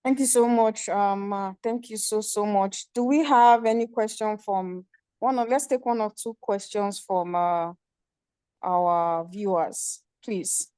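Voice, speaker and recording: A woman's voice: medium pitch, fairly even intonation, a little slow, mellow, clear, resonant tone, no echo. A woman moderating an online meeting, calling for questions and repeating words to hurry things along. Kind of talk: hosting a Q&A.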